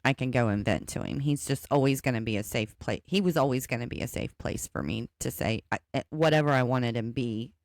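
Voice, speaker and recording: Woman podcast cohost with a really low voice, dry close sound. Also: brisk, few pauses, darkish tone, dry recording. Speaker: podcast co-host. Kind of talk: casual recap chat.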